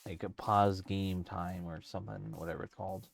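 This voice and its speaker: Gravelly low-voiced male streamer. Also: level tone, moderate pace. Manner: rambling, thinking aloud with many fillers and restarts. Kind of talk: casual let's-play commentary while gaming.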